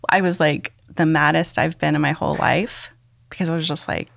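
A woman's voice: deep voice, fairly even intonation, a little fast, vocal fry, a bit bright, dry recording, clean studio sound. A woman, a podcast guest, giving an earnest personal testimony, rambling with many "likes" and ums.

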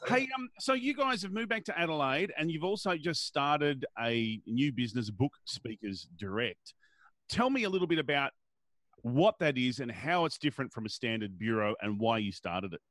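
A man's voice: medium pitch, expressive, normal speed, fairly bright tone, no room sound. A man hosting an interview, asking questions in a friendly, slightly hesitant way. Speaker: interview host. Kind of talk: casual interview.

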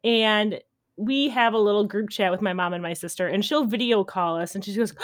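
A woman's voice: mid-range voice, normal speed. A woman from Wisconsin chatting as a podcast guest, with dry, sarcastic humor. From Wisconsin, USA. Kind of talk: casual chat.

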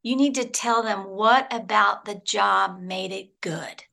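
A woman's voice: medium pitch, slow pace, vocal fry, sharp tone. A woman consultant, a guest on a podcast, giving workplace advice in an affirming, coach-like way. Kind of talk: casual interview chat.

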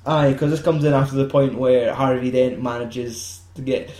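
A man talks through a film with a friend, swearing freely and laughing as he acts out lines in silly voices. His voice sits in a middle pitch. The recording has a roomy echo. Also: steady tone, normal speed, a little mellow. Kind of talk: casual film chat.

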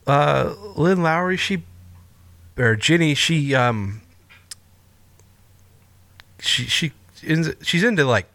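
A man's voice: on the high side, animated, slow, gravelly, pauses often, a bit bright, dry recording. A man co-hosting a podcast, chatting loosely about a film, incredulous and freely swearing. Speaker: podcast co-host. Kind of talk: casual film review chat.

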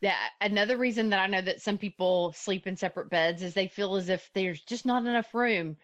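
Female podcast co-host, frank and plainspoken, mid-pitched, dry close-miked sound. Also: fairly quick, no echo. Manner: frank, down-to-earth advice. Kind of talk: casual chat.

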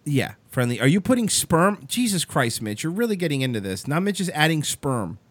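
Animated man telling stories on air. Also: fairly high pitch, a little fast, dry recording. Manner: animated, mocking, laughs through stories. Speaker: radio show host. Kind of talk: casual on-air storytelling. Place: radio studio.

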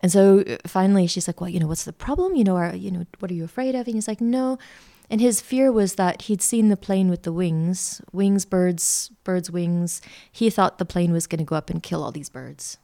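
A middle-aged woman, a podcast guest telling a lively travel story with lots of fillers. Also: on the low side, a little fast, gravelly, few pauses. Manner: chatty, animated anecdote-telling with many fillers. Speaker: interview guest, art school founder. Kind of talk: casual storytelling.

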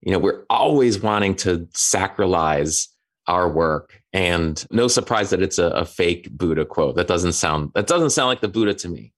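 A middle-aged man with a very low voice answers as a podcast guest. He is thoughtful and measured, pausing and restarting short phrases as he works out his answers. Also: lively intonation. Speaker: author and religion scholar, guest. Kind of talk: conversational interview.

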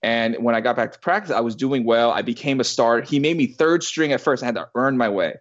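A man's voice: medium pitch, fast talker. Rambling man in his thirties, lo-fi. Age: 30s. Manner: rambling, with many restarts and swearing. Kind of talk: casual storytelling.

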